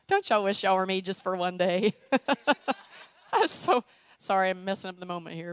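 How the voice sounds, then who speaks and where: A woman preaching a sermon with an altar call, emotional and animated, with playful acted asides. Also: medium pitch, normal speed, smooth, poor audio. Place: church sanctuary.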